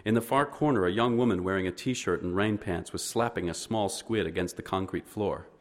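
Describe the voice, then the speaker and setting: A man with a very deep voice reads a first-person story aloud. His delivery is measured and understated, lingering on descriptive passages. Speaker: narrator. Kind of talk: audiobook narration, first person.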